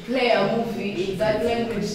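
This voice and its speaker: A woman's voice: medium pitch, fairly even intonation, moderate pace, crowd noise. Young woman debater, blunt, heard far off in echoey class. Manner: blunt, challenging. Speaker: student debater. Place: university classroom. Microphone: distant room mic. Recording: echoey noisy room, from far off.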